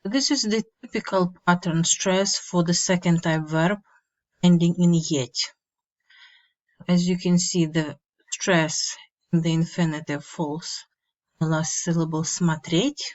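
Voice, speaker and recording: A woman teaching a slow, step-by-step grammar lesson, repeating each word and giving its meaning. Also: on the low side, steady tone, darkish tone. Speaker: language teacher. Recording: dull lo-fi mic.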